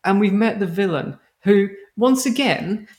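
A woman's voice: mid-range voice, unhurried, a little mellow. A woman co-hosting a podcast, chatting casually in an exasperated, sweary way. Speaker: podcast co-host. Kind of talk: casual chat.

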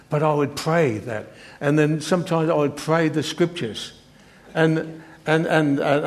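In a slightly high voice, an older man preaches, reading scripture sincerely while halting often and restarting amid plenty of fillers.

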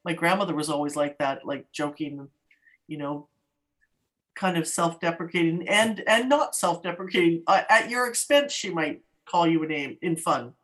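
A woman podcast co-host from Canada chatting casually, telling animated stories with quick laughs. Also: lowish voice. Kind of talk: casual chat.

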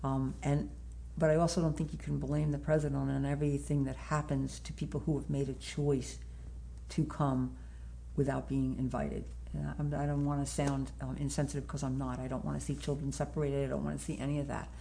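A woman's voice: extremely low pitch, level tone, brisk, creaky, mellow, a little hiss or hum. A woman in her sixties, an author, chatting in an interview, laughing often and restarting her sentences. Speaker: author guest. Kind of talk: casual interview chat.

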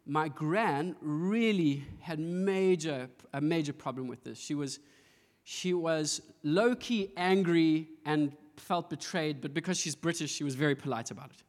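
A male pastor preaches at a measured pace in a fairly high voice that rings with the long reverb of a large hall. His sermon is built on stories, with playful asides he acts out.

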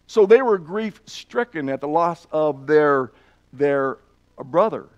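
A man's voice: on the high side, expressive, slow pace, lo-fi sound. A man preaching a sermon, earnestly retelling and reading scripture passages aloud with emphasis. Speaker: pastor.

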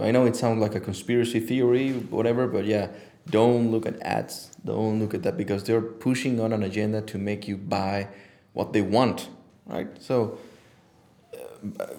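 A man's voice: on the low side, fairly even intonation, moderate pace, warm tone. A man who works as an image consultant, talking as a podcast guest with passion and lots of swearing, acting out the voices he quotes. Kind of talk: casual interview talk.

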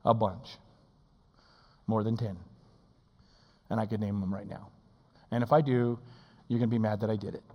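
A male pastor preaching a sermon in a church. He swings between shouting and hushed, intimate tones and acts out quotes in playful voices. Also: fairly low pitch, fairly even intonation, normal speed, pauses often, long reverb tail, dull audio.

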